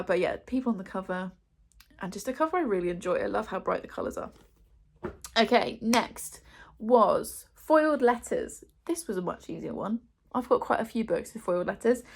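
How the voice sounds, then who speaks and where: A young English woman, a booktuber, chats casually to the camera in a medium-pitched, creaky voice. Her manner is chatty and self-deprecating, and she uses lots of fillers.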